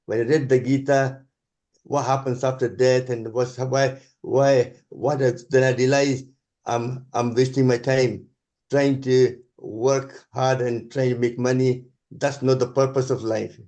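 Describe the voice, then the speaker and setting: A man with a Scottish accent giving an earnest, halting spiritual talk over a video call. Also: mid-range voice, little pitch movement, darkish tone. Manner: earnest, halting, restarts sentences. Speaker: guest speaker.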